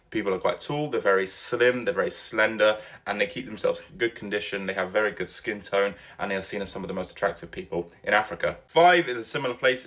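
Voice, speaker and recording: A man's voice: fairly low pitch, fairly bright tone. Man narrating a chatty countdown list. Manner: chatty, emphatic, personal asides.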